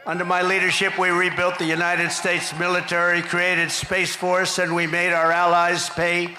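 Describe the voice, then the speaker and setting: An older man giving a boastful, repetitive campaign rally speech, shouting out his punchlines. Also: sits high, monotone, normal speed, echoey room. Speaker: political candidate at a rally. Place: outdoor rally stage.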